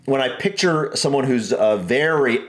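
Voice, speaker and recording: A man's voice: medium pitch, moderate pace, roomy sound. A man from the American South with a Southern accent, co-hosting a casual reaction video and chatting playfully. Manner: animated, playfully trying out put-on posh and Southern voices.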